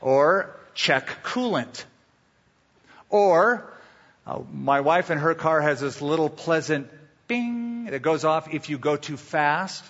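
Male pastor, sermon, emphatic rhetorical questions, fairly high voice, long hall reverb. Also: animated, slow pace, a bit bright, highs cut off. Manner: emphatic preaching with rhetorical questions and storytelling asides.

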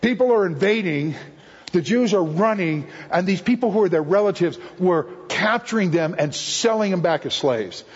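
A man's voice: sits high, animated, normal speed, slightly rough. A male guest speaker giving a jokey sermon full of puns, acting out the voices he quotes. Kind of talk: humorous sermon teaching. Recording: echoey hall, dull lo-fi sound.

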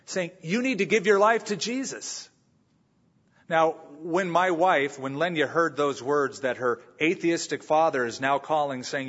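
Husky-voiced man preaching a sermon. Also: fairly high pitch, fairly bright tone, dull audio. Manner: storytelling, acts out quoted voices. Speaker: pastor. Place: church sanctuary.

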